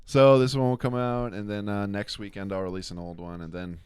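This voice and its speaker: A man's voice: fairly low pitch, steady tone, a little fast, darkish tone, clean tone, no room sound. A man co-hosting a podcast in casual chat, laid-back, swearing freely and laughing often. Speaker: podcast co-host.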